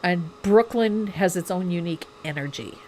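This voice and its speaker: Low-voiced woman, chatty painting teacher. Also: moderate pace, darkish tone, slight background noise. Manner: chatty, enthusiastic storyteller. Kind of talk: casual chat and painting demonstration.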